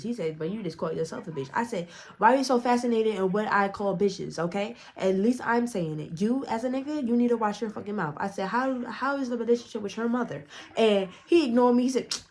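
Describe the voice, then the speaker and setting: A woman's voice: mid-range voice, brisk, a little mellow. A woman vlogger telling a storytime in a blunt, profane way, acting out the dialogue as she goes. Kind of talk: casual storytime narration.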